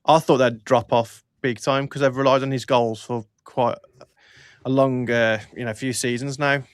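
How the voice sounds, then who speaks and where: Easygoing phone-in co-host, smooth mid voice, dry sound. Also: male voice, medium pitch, steady tone, moderate pace, no echo. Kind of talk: casual football phone-in chat.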